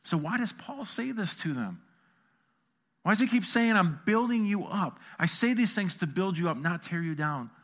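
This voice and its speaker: High-voiced pastor preaching with emphasis. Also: male voice, lively intonation, normal speed, fairly bright tone. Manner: emphatic, conversational preaching with acted quotes. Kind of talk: sermon. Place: church.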